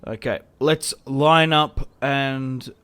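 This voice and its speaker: A man's voice: medium pitch, steady tone, drawn-out words, clean tone. Chatty young man commentating a game. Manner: chatty, reacts loudly to setbacks, self-mocking laughs. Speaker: gaming YouTuber. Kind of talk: casual gameplay commentary.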